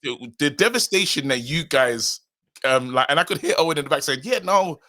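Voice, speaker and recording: A young man co-hosting a podcast, chatting and joking with quick laughs. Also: medium pitch, lively intonation, pushed and bright. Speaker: podcast co-host. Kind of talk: casual chat.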